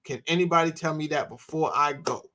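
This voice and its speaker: A man's voice: fairly high pitch, a little fast, pushed and bright. A man in his thirties hosting a casual chat, telling loose stories and bantering with his audience. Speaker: host.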